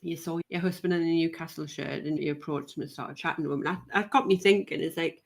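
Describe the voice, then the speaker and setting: A woman's voice: deep voice, fairly even intonation, fast, vocal fry. A woman from North East England, hosting a podcast in friendly casual chat and asking questions. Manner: friendly, asks questions, laughs easily. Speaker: podcast host.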